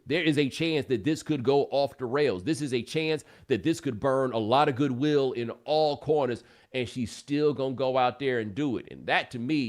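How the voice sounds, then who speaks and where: A man in his forties hosting a podcast, telling stories in loose, colloquial chat. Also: mid-range voice. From United States. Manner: loose, colloquial, animated storyteller. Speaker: podcast host. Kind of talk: casual storytelling chat.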